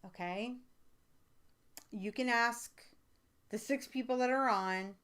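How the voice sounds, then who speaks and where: A U.S.-based psychic reader runs a relaxed livestream, meandering through viewer comments with plenty of fillers and growing emphatic when excited. Her voice is a little high, smooth, and slow-paced.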